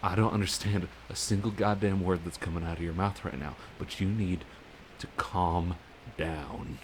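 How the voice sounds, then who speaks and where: Man playing a gruff steady friend, low voice, storytelling. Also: moderate pace, a little hiss or hum, natural voice. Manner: firm then gently storytelling.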